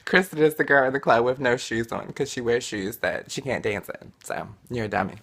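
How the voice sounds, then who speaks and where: A woman's voice: rumbling low, lively intonation, brisk, a bit bright. A woman model vlogging casually, with a blunt, profane, irritated way of talking and a tickle in her throat. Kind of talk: casual daily vlog.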